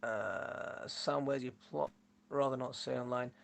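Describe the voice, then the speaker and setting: A man's voice: mid-range voice, measured pace, creaky, fairly bright tone. A man with a Yorkshire accent hosting a casual gardening live stream, rambling and chatty as he answers viewer comments, laughing often on a phone mic. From Yorkshire, England. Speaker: gardening channel host.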